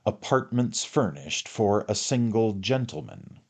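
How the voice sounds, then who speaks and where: Man reading a pompous older barrister, oratorical, grand, low voice, storybook. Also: big pitch swings, a little slow, darkish tone, breathy edge, exaggerated voice. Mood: pompous oratory. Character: pompous, theatrical older male barrister addressing a jury.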